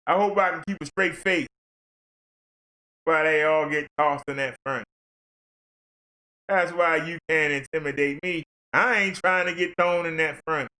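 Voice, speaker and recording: A man's voice: fairly high pitch, moderate pace, pauses often, pushed and bright. A man ranting on a livestream in a fervent, blunt, preachy way. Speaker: livestream commentator.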